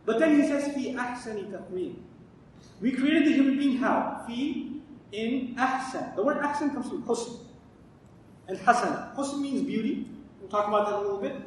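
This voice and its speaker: Male Quran teacher, high voice, lecturing from a distance in an echoey hall with a faint rumble behind. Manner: asks questions and answers them himself.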